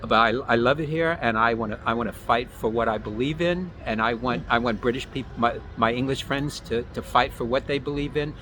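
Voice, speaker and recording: An American man chatting outdoors as a guest, halting and repeating words as he thinks aloud. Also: medium pitch, bright, forceful tone, slight background noise. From United States. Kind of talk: casual street conversation.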